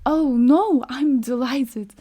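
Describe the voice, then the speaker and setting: A woman's voice: high-pitched, slow, mellow, voice pushed up. A woman voicing a frightened young bride, stammering and pleading. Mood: nervous denial.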